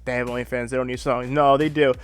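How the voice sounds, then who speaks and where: A man's voice: medium pitch, flat delivery, quick pace, clean tone, faint music behind. A man hosting a drama commentary stream, reading a script, then ranting in a profane, repetitive and exasperated way.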